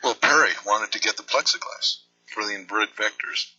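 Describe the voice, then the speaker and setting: A man's voice: on the low side, normal speed, pushed and bright, breathy edge. Rambling man on a lo-fi phone tape. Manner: rambling, feigns confusion and hurt. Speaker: prank caller. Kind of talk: prank phone call.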